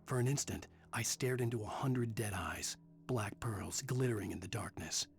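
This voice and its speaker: A brooding novelist narrator. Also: male voice, lowish voice, moderate pace, creaky, faint music behind. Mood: tense. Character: haunted male writer narrating, grim and tense. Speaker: game narrator. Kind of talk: scripted game narration.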